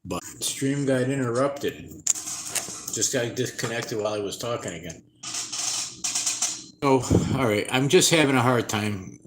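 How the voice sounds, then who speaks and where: A man's voice: mid-range voice, animated, loud music behind the voice. Tired, distressed man in an echoey room. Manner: halting, rambling, distressed, with many restarts. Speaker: vlogger. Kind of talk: unscripted personal vlog to camera. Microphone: camera mic.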